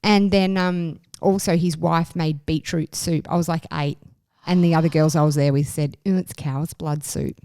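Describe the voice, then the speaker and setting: A woman's voice: sits low, steady tone, normal speed, darkish tone, clear, resonant tone, no room sound. A woman hosting a podcast, chatty and enthusiastic in casual chat. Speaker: podcast host.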